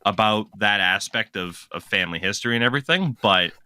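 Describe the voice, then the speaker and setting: A man hosting a casual hockey podcast, chatty and quick to laugh. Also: fairly low pitch, clear, resonant tone, no echo. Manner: chatty, laughs often, animated storytelling. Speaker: podcast host.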